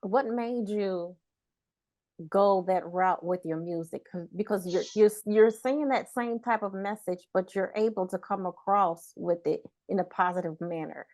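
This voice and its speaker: A woman's voice: medium pitch, measured pace, a little mellow. A woman hosting a talk show interview, conversational and affirming toward her guest. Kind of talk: casual interview.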